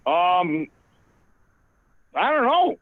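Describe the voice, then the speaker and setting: A man's voice: sits high, sing-song, noisy background. A man who rambles and hesitates while he chats on a call. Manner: rambling, halting. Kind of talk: casual chat. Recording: tinny dry phone line.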